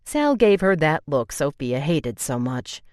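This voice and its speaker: A woman's voice: deep voice, sing-song, a little slow, a little mellow, no echo, clean studio sound. A woman narrating a romance audiobook in an emotive way, voicing the tearful heroine's lines with feeling.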